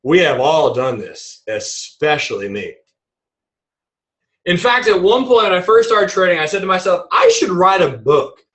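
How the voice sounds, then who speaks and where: A man teaching a trading webinar in a playful, animated way, acting out examples as he explains them. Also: sits high, moderate pace, low-quality recording. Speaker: trading instructor.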